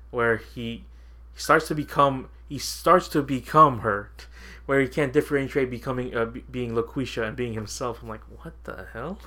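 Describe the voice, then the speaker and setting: A man's voice: medium pitch, moderate pace, pushed and bright. Rambling, laughing podcast host man. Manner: rambling, laughs often, quotes himself. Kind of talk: casual chat.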